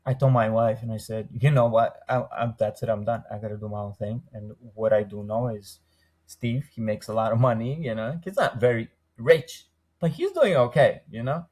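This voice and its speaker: A young man who owns a window treatment business appears as a podcast guest, speaking at normal speed in a mid-range, darkish voice. He chats casually, laughs often, and acts out the voices in his stories.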